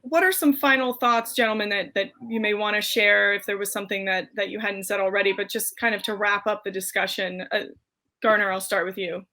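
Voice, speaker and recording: Bright-voiced woman co-host, rambling. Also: medium pitch, steady tone, fairly quick. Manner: rambling questions, many fillers. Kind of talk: panel discussion.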